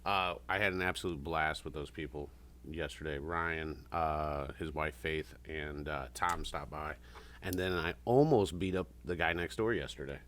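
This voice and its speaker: A man's voice: extremely low pitch, moderate pace, fairly bright tone, a little hiss or hum. A man chatting casually, rambling through stories and acting out what others said. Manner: rambling storyteller, acts out quotes. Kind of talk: casual chat.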